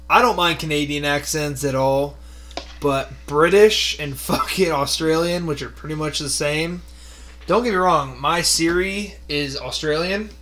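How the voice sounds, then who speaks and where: Young guy cohosting a podcast, swears a ton and roasts his buddy, bright tone, hum in the background. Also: a little high. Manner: crude, joking, swears a lot. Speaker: podcast co-host. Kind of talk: casual chat.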